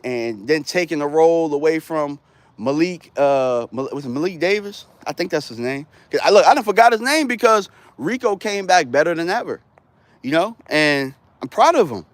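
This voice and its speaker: A man talking football on a casual live stream, animated and rambling, full of slang. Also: a little high, no echo. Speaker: sports streamer.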